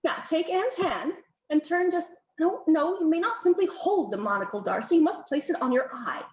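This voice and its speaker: A woman's voice: high voice, very animated, fast talker, echoey room, muffled recording. A woman voicing an imperious older aristocratic countess who fusses and gives orders. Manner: bossy, fussy, commanding.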